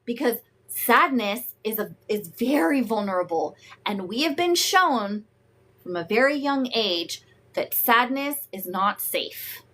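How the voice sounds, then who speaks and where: Woman coach for a live stream, frank and salty, high voice, slow and deliberate. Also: sing-song. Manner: frank, emphatic, profane, greets viewers warmly. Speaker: host and emotional wellness coach. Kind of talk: live-streamed teaching talk.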